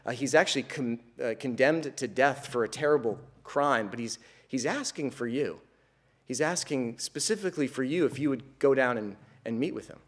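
A man's voice: mid-range voice, normal speed. A man preaching a sermon, telling an illustration story in an earnest way and then building to emphatic, repeated declarations.

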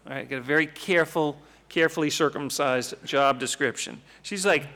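A Bible teacher delivers a lively, conversational teaching talk from scripture, often tossing out rhetorical questions. His bright, forward voice is pitched a little above the typical man's, and he speaks at a moderate pace.

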